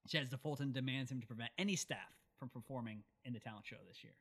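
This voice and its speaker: A man's voice: mid-range voice, fast talker. A young man co-hosting a podcast, chatting casually and acting out characters' lines as he recaps a story. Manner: animated, acts out characters' lines. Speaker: podcast co-host.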